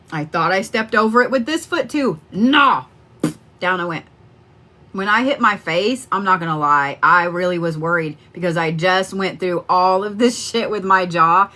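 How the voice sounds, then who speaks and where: In a medium-pitched, sharp-toned voice, a middle-aged woman hosts a live stream as a psychic card reader. She chats with viewers in a casual, rambling manner, swearing plenty along the way.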